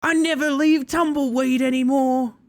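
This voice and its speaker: A man voicing a high-pitched broad Australian country bogan, drawling and nasal. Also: fairly even intonation, moderate pace. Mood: cheerful. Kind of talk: livestream bit.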